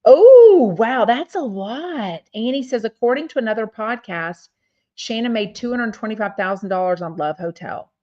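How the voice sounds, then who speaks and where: A woman's voice: fairly high pitch, very animated, moderate pace, warm tone, lo-fi sound. A woman from Texas with a drawl, hosting a casual podcast and reading viewer comments aloud, with lots of fillers. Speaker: podcast host.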